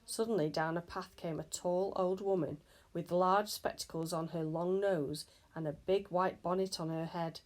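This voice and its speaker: Low-voiced woman reading a story. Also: steady tone, moderate pace, a little mellow. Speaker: storybook reader. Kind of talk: reading a children's novel aloud.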